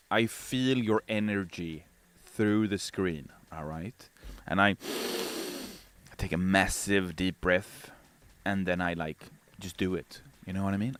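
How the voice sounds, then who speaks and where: A man's voice: lowish voice, no room sound. A man with a Swedish accent, a game developer live-streaming and reading chat, joking around in a playful, theatrical way. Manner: playful, theatrical, quick to put on silly voices.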